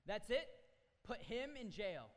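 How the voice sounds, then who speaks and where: A demanding king, acted out by a man, barks orders in a brash, bossy way. His pitch swings widely. The voice rings through a big hall with long reverb. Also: sing-song, moderate pace, fairly bright tone. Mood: angry. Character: demanding king, impatient and loud.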